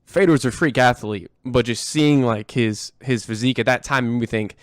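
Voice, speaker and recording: Guy coach talking fight memories, um uh a lot, clear voice, dry close sound. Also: mid-range voice, moderate pace, dry recording. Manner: enthusiastic, chatty, many fillers. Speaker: martial arts coach. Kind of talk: casual conversation.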